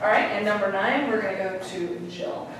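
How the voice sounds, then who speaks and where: A woman teaching high school Spanish, upbeat and energetic, calling on students by name to quiz them. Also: normal speed, noisy background. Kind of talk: classroom teaching. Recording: echoey classroom from a distant mic.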